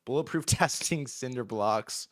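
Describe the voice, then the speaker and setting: A young man doing casual livestream commentary, excitable, swearing often, repeating himself and talking straight to his chat. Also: mid-range voice, a little slow. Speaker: streamer reacting to news.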